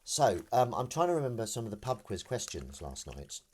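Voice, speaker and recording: A man hosts a relaxed live stream from his kitchen while he does the washing up. He rambles in a self-deprecating way and reads viewer comments aloud. His voice moves up and down a lot, and faint kitchen noise sits behind it. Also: on the low side, a little fast. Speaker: livestream host. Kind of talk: casual live-stream chat.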